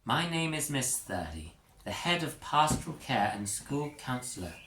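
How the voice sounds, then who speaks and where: A man's voice: medium pitch, very animated, normal speed, voice pushed up. A man voicing a prim, overly formal young female school counsellor in a storybook reading, in an echoey room with faint noise. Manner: formal, fussy, proper.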